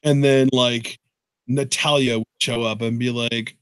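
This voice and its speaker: A man's voice: medium pitch, normal speed, clear, resonant tone, no echo. A young man co-hosting a casual podcast, teasing his partner and reading out listener questions. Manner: animated, teasing, laughs a lot. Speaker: co-host.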